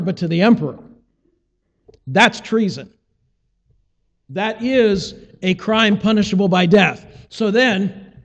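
A man's voice: high-pitched, long reverb tail, highs cut off. A man preaching a sermon, teaching and asking rhetorical questions, acting out the voices he quotes.

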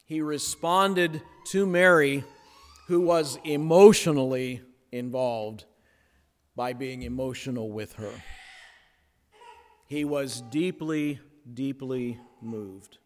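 A man preaching a sermon, pausing for effect and dropping to a near hush on key words, then building again. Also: mid-range voice. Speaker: pastor. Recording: long hall reverb.

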